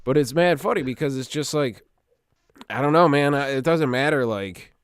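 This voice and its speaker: A man co-hosting a podcast in casual chat, telling stories in an animated, profane way. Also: medium pitch, moderate pace, clean tone, dry recording. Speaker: podcast co-host.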